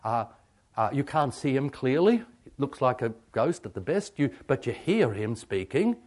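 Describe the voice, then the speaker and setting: A man preaching a sermon on meditation, halting with many ums and asking rhetorical questions. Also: mid-range voice, big pitch swings, a little mellow. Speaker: pastor.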